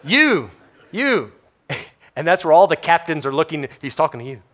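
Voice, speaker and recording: A man preaching a sermon, telling Bible stories in an animated way, acting out the quotes and laughing often. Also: on the high side, normal speed.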